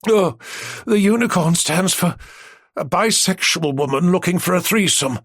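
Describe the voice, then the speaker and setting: A man's voice: high voice, animated, moderate pace, fairly bright tone, husky, no echo, clean studio sound, pitched above the performer's own voice, full character voice. A man doing a giggly, teasing older man. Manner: spluttering with barely held laughter.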